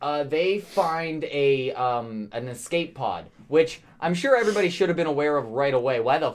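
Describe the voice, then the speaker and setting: A man co-hosts a casual movie podcast, his voice pitched slightly above the usual for a man. He recounts scenes with crude language and animated energy. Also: moderate pace. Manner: profane, animated retelling with acted-out quotes. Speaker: podcast co-host. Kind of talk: casual movie review chat.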